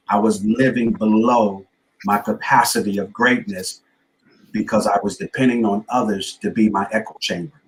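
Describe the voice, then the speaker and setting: A man with a fairly low voice tells his story in a talk-show interview. His cadence is earnest and motivational, and it builds like a preacher's. He sounds middle-aged. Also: low-quality recording. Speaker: guest speaker and author.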